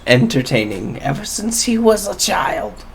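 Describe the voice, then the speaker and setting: Man doing a slow, high-voiced kindly old woman for a tabletop game, with a faint hiss. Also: very animated, gravelly, full character voice. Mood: fond. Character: older human washerwoman who knew Ted as a child.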